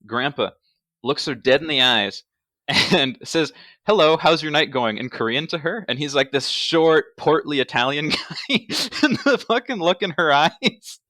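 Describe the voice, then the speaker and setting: A man's voice: fairly high pitch, measured pace, no echo, clean studio sound. A man co-hosting a podcast, telling stories with energy and acting out the quotes. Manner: animated storyteller, acts out quotes. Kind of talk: casual podcast chat.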